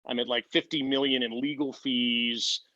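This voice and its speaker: A man's voice: mid-range voice, flat delivery, moderate pace, sharp tone, no echo. A man as an interview guest, telling his story casually, with many fillers and restarts. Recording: dull lo-fi dry sound.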